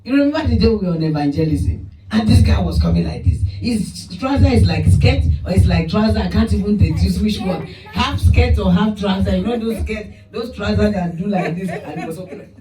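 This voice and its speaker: A male pastor with a high, lively voice tells animated stories in his sermon and plays out each person in them. His tone is mellow and warm, and he is heard from a distant mic in a roomy space. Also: a little fast, hardly any pauses. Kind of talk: sermon with storytelling.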